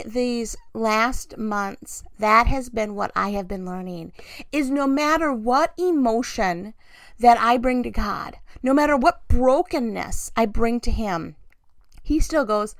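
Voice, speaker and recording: Woman talking about faith, kinda gravelly, higher voice, dry close sound, candid and personal. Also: no echo. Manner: candid, confessional, warm storytelling with laughs. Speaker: christian vlogger. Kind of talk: personal devotional talk.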